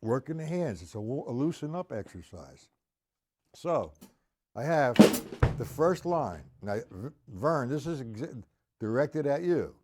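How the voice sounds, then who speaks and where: A man teaching a live-streamed drum lesson, patiently explaining and counting rhythms out loud, with faint drumming behind him. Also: medium pitch, very animated, measured pace.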